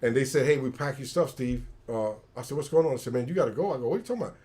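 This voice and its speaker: A man's voice: mid-range voice, racing, dark tone. A middle-aged man, a retired soldier, tells stories casually on a livestream and acts out the quoted dialogue. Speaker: retired special forces soldier, guest.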